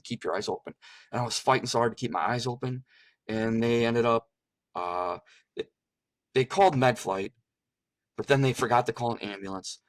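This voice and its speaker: A man's voice: mid-range voice, no echo. A middle-aged man earnestly recounting a personal testimony, repeating phrases for emphasis. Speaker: guest sharing a testimony. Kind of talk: emotional personal storytelling.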